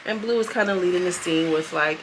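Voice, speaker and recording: A young adult woman giving a chatty, animated recap, acting out quotes in quick bursts. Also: lowish voice, slight background noise. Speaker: show reviewer. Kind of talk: casual recap commentary.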